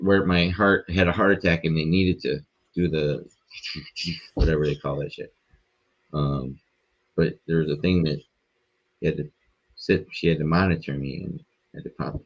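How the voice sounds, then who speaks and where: A man appearing as a podcast guest, telling a story in a rambling, profane, animated way. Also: low voice, lo-fi sound. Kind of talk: casual storytelling.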